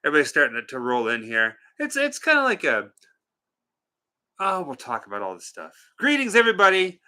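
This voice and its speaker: A man's voice: on the high side, huge pitch swings, a little fast, sharp tone. A man co-hosting a movie watch party livestream, chatting casually, joking and greeting viewers by name. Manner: playful, joking, theatrical greetings. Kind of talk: casual livestream chat, reading out viewer names.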